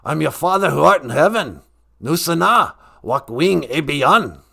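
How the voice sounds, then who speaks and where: A man putting on a laid-back, joking Great Spirit voice, slightly higher and a touch distant, pitch rolling all over, drawling "ain't it" grammar. the spirit sounds easygoing and amused with the person praying. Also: animated, unhurried, creaky, pushed and bright, breathy edge, exaggerated voice. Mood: teasing. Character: folksy male Great Spirit, jokey and easygoing.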